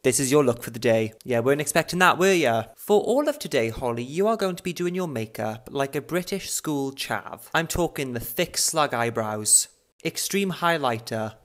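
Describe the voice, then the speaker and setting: A man's voice: medium pitch, a bit bright. A young man giving a challenge in a recorded video message, theatrical and teasing.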